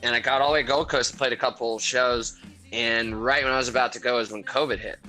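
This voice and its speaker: American man, guest musician, bright forceful voice, easygoing storyteller, laughs a lot, faint music behind. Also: medium pitch, fast, poor audio. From South Florida, USA. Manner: relaxed, laughs often, chatty storytelling. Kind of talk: casual interview chat over beers.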